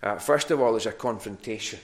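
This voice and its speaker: A man's voice: fairly low pitch, brisk. A man preaching a sermon to a congregation in a church hall. He speaks conversationally and often repeats words while he searches for the next one.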